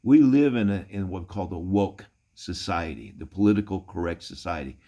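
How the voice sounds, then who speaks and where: A middle-aged man, a pastor, telling folksy anecdotes in a relaxed storytelling sermon, chuckling now and then. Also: low-pitched, normal speed, highs cut off.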